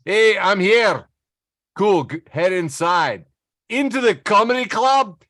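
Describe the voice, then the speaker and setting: A man's voice: high-pitched, lively intonation, slow pace, pushed and bright, no echo, clean studio sound, pitched above the performer's own voice, full character voice. A man putting on a comic Scottish haggler. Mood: mock haggling. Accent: Scottish (put on). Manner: exaggerated comic dialogue voice.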